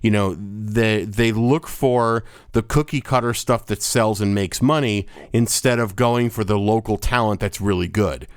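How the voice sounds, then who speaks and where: A man's voice: fairly low pitch, unhurried, hardly any pauses, smooth, dry recording, clean studio sound. A man co-hosting a casual movie podcast, rambling through his thoughts with lots of "you know" and "uh". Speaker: podcast co-host. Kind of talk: casual chat.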